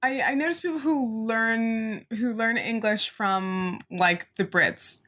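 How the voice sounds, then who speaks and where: Woman podcast co-host, casual chat, skeptical and quick to correct. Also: fairly high pitch, fairly bright tone. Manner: questioning, corrects points.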